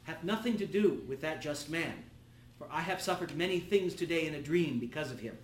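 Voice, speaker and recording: A man's voice: on the high side, fairly quick, slight background noise, natural voice. A man voicing a troubled woman warning her husband, urgent and earnest. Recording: echoey room.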